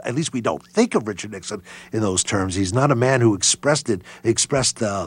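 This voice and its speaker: A man answering interview questions as a historian, halting and full of fillers and restarts. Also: medium pitch, husky. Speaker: historian guest.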